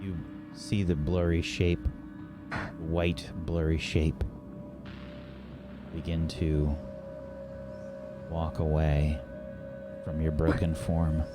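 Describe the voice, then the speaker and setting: A man narrating as game master in short, measured sentences. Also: extremely low pitch, little pitch movement, over music.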